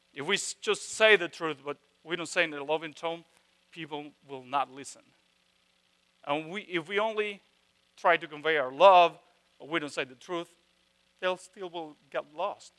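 A man preaching a sermon, emphatic, with slow repeated phrases and sudden drops from loud stresses to hushed tones. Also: a little high. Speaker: pastor.

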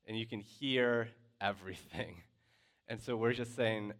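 A man telling a personal story to a class in a lively, conversational way, with lots of filler words. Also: lowish voice, a little slow.

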